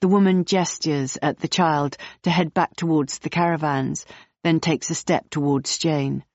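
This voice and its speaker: A woman reads a novel aloud in the third person, steady and clear. The recording sounds dull and muffled, with no room echo. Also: low voice, a little slow. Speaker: audiobook narrator. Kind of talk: third-person audiobook narration.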